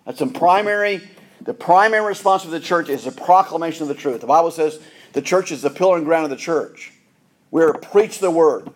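A middle-aged man preaches to his congregation in a somewhat high voice. He is earnest and often doubles back, repeating a word before he finds the rest of his sentence. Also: fairly quick. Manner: earnest, repeats words and restarts phrases. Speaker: pastor. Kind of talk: sermon.

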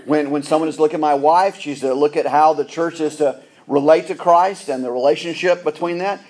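A middle-aged man preaches to his congregation in a somewhat high voice. He is earnest and often doubles back, repeating a word before he finds the rest of his sentence. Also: fairly even intonation, fairly quick, darkish tone. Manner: earnest, repeats words and restarts phrases. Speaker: pastor. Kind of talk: sermon.

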